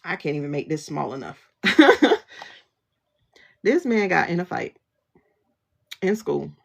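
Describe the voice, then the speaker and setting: A woman's voice: on the low side, sing-song, slow pace, gravelly, breathy edge. A woman livestream host, talking in a blunt, sassy rant and laughing often. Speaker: tarot reader and livestream host. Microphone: phone livestream.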